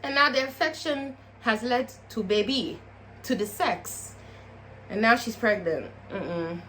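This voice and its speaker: A woman recapping a TV episode in a casual vlog, profane and animated, talking straight to her viewers. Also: on the high side, measured pace, a little hiss or hum. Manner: profane, animated, chatty, asks viewers questions. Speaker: TV show reviewer.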